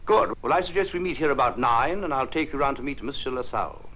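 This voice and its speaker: An actor playing a brisk, hospitable army general in a 1960s TV drama. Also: male voice, mid-range voice, animated, soft background music, close to an everyday voice. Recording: dull lo-fi 1960s TV soundtrack with faint noise.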